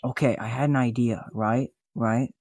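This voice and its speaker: A man hosting a comedy podcast, goofy and flustered, his voice jumping up high when he panics. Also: steady tone, normal speed, a little mellow, no echo. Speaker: podcast host. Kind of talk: comedic casual chat.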